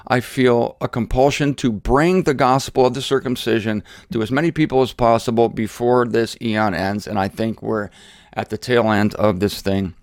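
Casting: male Bible teacher, casual and rambling, low-key, dry close mic. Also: fairly even intonation, normal speed, dry recording. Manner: conversational and digressive, with self-deprecating asides.

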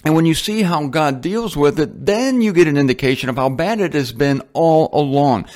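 Guy preaching a bible lesson, kinda high voice, chatty and wandering, slows down hard on the big words. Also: darkish tone. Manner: conversational, rambling asides, dramatic slow emphasis. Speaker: host of a Bible teaching show. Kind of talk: Bible teaching monologue. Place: indoors, a guest home. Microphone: headphones on, talking into a mic.

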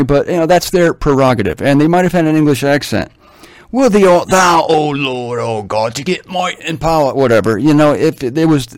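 A man's voice: mid-range voice, no echo, clean studio sound. Chatty, wry male Bible teacher. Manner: chatty, wry asides, animated.

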